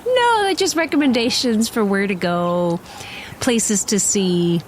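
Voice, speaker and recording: A woman's voice: medium pitch, lively intonation, a little hiss or hum. A woman guest on a podcast, chatting casually and laughing easily. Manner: laughs easily, slow and lilting. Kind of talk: casual chat.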